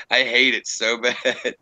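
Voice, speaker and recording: A young man chats casually on a livestream from a room at home, rambling, swearing, and often laughing at himself; he's a streamer who also narrates creepypasta. His voice sits at medium pitch with little movement, and he takes his time, sounding pushed and bright. The recording quality is low.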